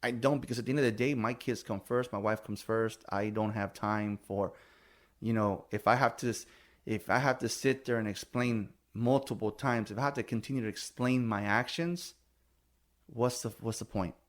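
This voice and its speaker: A middle-aged man talks in loose, heated chat, swearing often and pushing back hard as he vents. His voice sits at an ordinary middle pitch for a man. He is blunt and defensive, and he repeats himself when worked up. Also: fairly even intonation, moderate pace. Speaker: podcast host. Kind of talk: casual chat.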